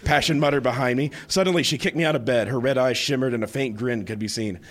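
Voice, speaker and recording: A man reading a book aloud for laughs on a live bar stage, animated and breaking into laughter. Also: medium pitch, fast. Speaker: live reader. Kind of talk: comic reading to a bar crowd.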